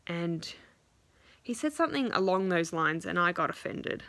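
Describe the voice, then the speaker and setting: A young woman talks straight to her audience in a casual, frustrated rant, swearing often and acting out what others said. Her voice is bright and forward. The recording is dry and close, with no room sound. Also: on the low side, very animated, normal speed, creaky, no echo. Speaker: vlogger. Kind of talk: casual ranting vlog.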